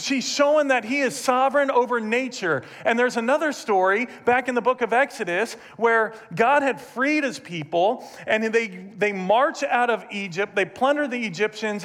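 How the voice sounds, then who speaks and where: A man preaching a sermon, retelling scripture with animated storytelling and rhetorical questions to his congregation. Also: high-pitched. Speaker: pastor.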